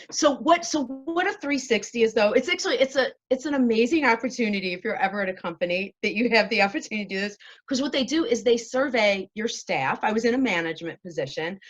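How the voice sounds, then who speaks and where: A woman's voice: on the high side, lively intonation, a little fast, muffled recording. A woman host, being interviewed, chatting casually and laughing at herself often over a video call. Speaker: show host, interviewed as guest.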